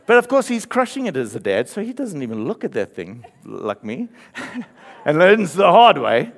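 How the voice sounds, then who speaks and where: A man's voice: fairly high pitch, wildly swooping pitch, normal speed, vocal fry. A man preaching a sermon, telling a story with playful asides and light laughter. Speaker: pastor.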